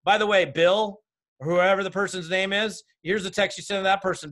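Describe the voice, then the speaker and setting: This man's voice sits high and moves at a normal speed as he coaches network marketers over a video call. He speaks directly and energetically to his audience.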